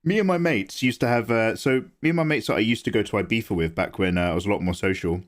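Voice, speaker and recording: This young man, chatting casually as he draws on a livestream, rambles from one story to the next and laughs frequently. His voice is lowish, and he talks fast.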